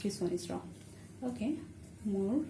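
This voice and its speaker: A Bengali-speaking woman gives an online language lesson, patiently explaining each step while she writes. Her mid-range voice is animated and dark in tone. The room is echoey, with faint ambience and slight background noise.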